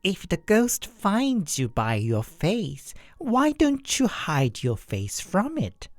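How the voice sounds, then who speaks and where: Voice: medium pitch, huge pitch swings, takes it slowly, no room sound, faint music behind, voice pushed up, heavily acted. A narrator voicing a friend giving earnest advice in a raised, lighter voice.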